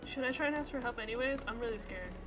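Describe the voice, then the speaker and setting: A woman's voice: a little high, fast, music in the background. A young woman streaming a game, reacting nervously, swearing and laughing. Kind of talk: live gameplay commentary.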